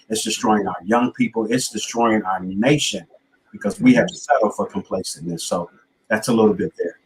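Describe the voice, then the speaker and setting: Earnest, low-voiced motivational male speaker. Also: poor audio. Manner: earnest, motivational preacher-like cadence. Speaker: guest speaker and author. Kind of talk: storytelling in a talk-show interview.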